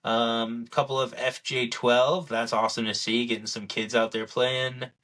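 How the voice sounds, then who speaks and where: In casual podcast chat, a young male co-host with a mid-range voice speaks a little slowly, spinning animated stories and acting out what others said.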